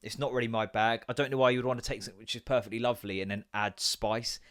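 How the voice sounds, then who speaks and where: An English man in his thirties hosts a solo podcast in a loose, rambling way. He jumps between stories, swears freely and slips into put-on voices when he quotes people. His voice sits at an ordinary middle pitch. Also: steady tone, fast, a bit bright. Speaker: podcast host. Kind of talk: casual solo chat.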